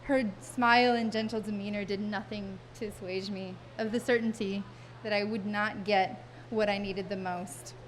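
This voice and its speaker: A woman telling a funny personal story on a stage before an audience, wry and self-mocking, with vivid detail and dramatic pauses. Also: medium pitch, fairly even intonation, a little hiss or hum.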